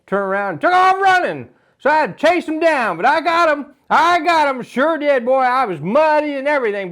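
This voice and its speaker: A man telling a rambling comic tall tale in a folksy, drawn-out way. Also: high-pitched. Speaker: comedic storyteller.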